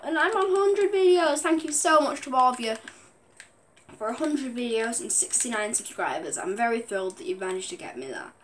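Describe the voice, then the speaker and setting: Young woman, slightly high voice, headset mic; rambling, giggly game commentator with faint keyboard clicks behind. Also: slight background noise. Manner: giggly, rambling, keeps apologizing for laughing. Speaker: gaming vlogger. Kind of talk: casual gameplay commentary.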